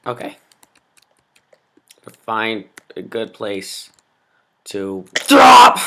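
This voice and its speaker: A gameplay commentator who rages melodramatically at the game, groaning and yelling at every failure. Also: mid-range voice, wildly swooping pitch, very slow, a little hiss or hum. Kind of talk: raging let's-play commentary.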